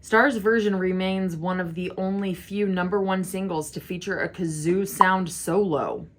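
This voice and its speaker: Chatty young woman reacting over loud music. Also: lowish voice, fairly even intonation, normal speed. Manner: chatty, giggly, gets teary. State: tearful. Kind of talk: casual album reaction. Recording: music playing loudly behind.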